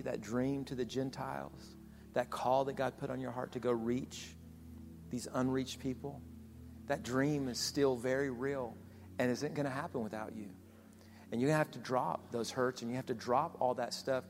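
A male pastor preaching a sermon, repeating phrases with emphasis and swinging between loud and soft. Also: medium pitch, steady tone, a little slow, creaky. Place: large church hall. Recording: long hall reverb with soft music behind.

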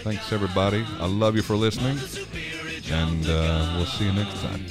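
A man's voice: low voice, moderate pace, loud music behind the voice. A man hosting a podcast in a casual solo monologue, rambling with many restarts and frequent laughter. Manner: rambling, self-interrupting, laughs often. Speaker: podcast host.

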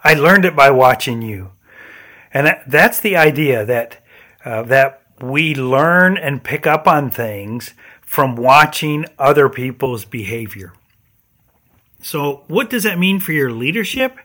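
A man's voice: fairly high pitch, animated, takes it slowly, bright, forceful tone. A man hosting a faith and leadership podcast, telling personal stories in an earnest way with a few restarts. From Michigan, USA. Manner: earnest storytelling with occasional restarts. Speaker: podcast host.

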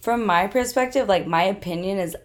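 A young woman co-hosting a casual chat, her voice hoarse and worn out, chatty with lots of fillers and frequent laughs. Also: mid-range voice, fairly quick. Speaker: podcast co-host.

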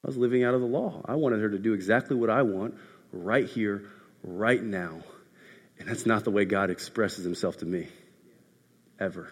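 A man preaching a sermon as a pastor, telling a story and swinging from loud passages to hushed ones. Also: on the low side, moderate pace, pauses often, husky. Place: church hall. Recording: echoey hall.

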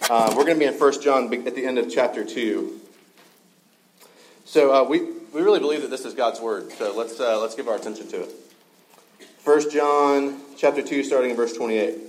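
A man preaches in an easygoing, conversational way, sprinkling fillers and dry asides as he works through a text. His voice sits at an ordinary middle pitch. He speaks to a live gathering indoors. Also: normal speed, poor audio. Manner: relaxed, filler-heavy, joking asides. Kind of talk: conversational sermon.

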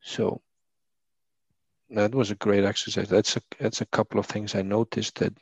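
A man's voice: fairly low pitch, level tone, normal speed, breathy edge, dry recording, muffled recording. A man from Iceland speaking English as a second language, with a thick Icelandic accent, reflecting thoughtfully and searching for words. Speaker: leadership coach. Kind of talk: reflective conversation.

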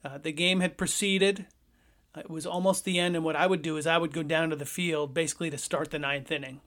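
A man hosting a podcast, telling a personal story in a lively, conversational way. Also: a little high, a little fast. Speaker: podcast host.

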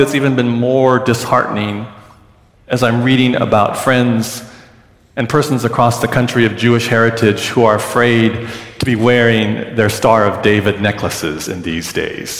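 A middle-aged male pastor delivers an earnest sermon, coaching his congregation through words with a teacher's patience. His voice sits at an ordinary pitch for a man and rings out through a large sanctuary with a long, lingering reverb. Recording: roomy church with long reverb.

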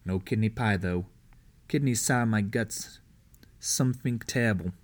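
A man's voice: on the low side, a little slow, close to an everyday voice. A man voicing a greedy, colloquial male prison guard in a storybook reading. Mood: folksy. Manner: folksy, colloquial.

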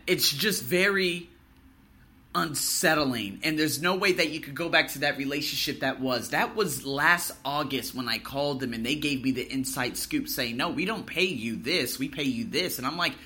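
A man's voice: on the high side, animated, normal speed, pushed and bright. Ranting profane male podcast host. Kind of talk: solo podcast monologue.

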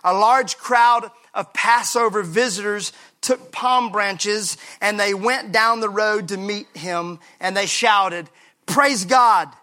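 Pastor, male, high bright voice, energetic, joking sermon with congregation repeating lines. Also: slow pace, hardly any pauses. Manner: lively preaching with call-and-response and humor. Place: church sanctuary.

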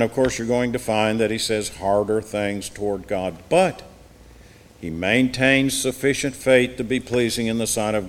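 Man, Bible class teacher, middle pitch, scripture read with emphasis, long hall reverb. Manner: reads scripture aloud with rising emphasis, then explains plainly.

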